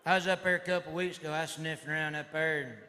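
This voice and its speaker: A middle-aged man with a Southern US accent doing a stand-up comedy routine on stage, rambling in a rowdy redneck drawl and shouting his punchlines. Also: on the high side, fairly even intonation, fast talker. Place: comedy club stage before a live audience. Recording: live hall recording with crowd noise. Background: audience laughter and crowd noise.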